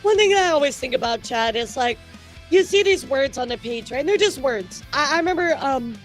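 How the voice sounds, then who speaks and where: High-voiced woman chatting to stream chat. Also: lively intonation, brisk, faint music behind. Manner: chatty, repeats words, frequent laughs. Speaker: streamer news host. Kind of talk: casual live-stream commentary to chat.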